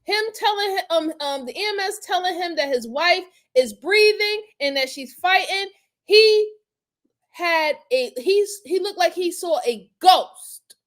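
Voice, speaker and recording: A woman's voice: extremely high pitch, lively intonation, unhurried, a bit bright. A woman hosting a crime review, talking in a casual, slangy and blunt way. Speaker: host reviewing crime footage. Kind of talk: casual commentary.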